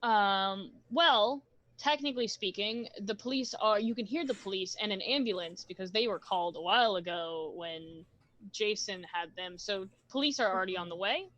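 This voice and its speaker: A woman's voice: medium pitch, moderate pace, a bit bright. A woman acting as game master for a tabletop role-play, explaining rules and outcomes in an easygoing way.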